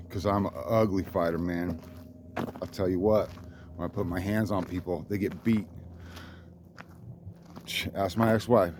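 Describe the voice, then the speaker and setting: A man with a lowish voice rambles through a profane story about his own life. He sounds boastful and worked up, and his pitch leaps up whenever he quotes someone else. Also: background noise. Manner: rambling, profane and boastful, voice jumps up when quoting others. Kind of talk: rambling monologue.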